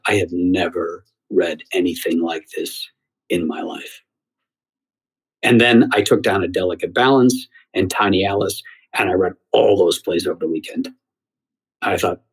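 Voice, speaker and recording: Middle-aged guy, husky and a bit low, animated storyteller on a podcast interview. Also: rough recording. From United States. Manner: animated storyteller who acts out quoted voices. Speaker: guest, theater critic.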